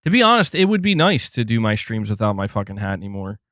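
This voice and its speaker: A man's voice: lowish voice, very animated, fast, a bit bright, dry recording, clean studio sound. A man live-streaming in casual chat, rambling and swearing with many restarts. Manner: profane, frustrated, rambling with restarts.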